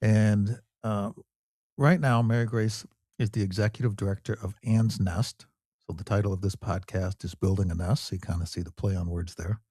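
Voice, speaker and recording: A male podcast host speaks in a very low, husky voice. He keeps the chat easygoing and folksy, dropping fillers as he goes. The sound is close and dry. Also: fairly even intonation, moderate pace, mellow, no echo. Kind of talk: casual interview chat.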